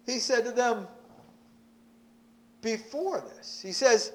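A man's voice: extremely high pitch, lively intonation, slow, long pauses. A man preaching a sermon, emphatic, repeating words as he presses his points.

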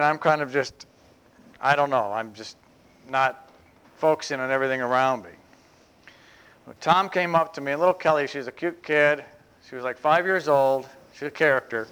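A male pastor delivers a sermon in a smooth, resonant voice that sits slightly high for a man. He talks to the congregation in a relaxed, chatty way with humorous asides. He slows down deliberately to press home key phrases. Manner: emphatic, slowing down to stress phrases.

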